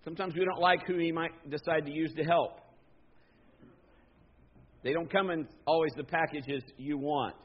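A man with a high voice preaches a casual, conversational sermon and keeps asking his congregation questions. The sound is slightly muffled and dull. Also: steady tone, moderate pace, long pauses. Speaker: pastor.

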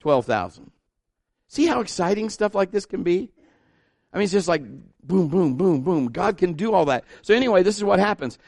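A middle-aged man preaching a sermon, telling a story and acting out the people in it, swinging between loud and hushed. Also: high-pitched, moderate pace, vocal fry, dry recording, studio quality. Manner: animated, acts out dialogue, shifts between loud and hushed.

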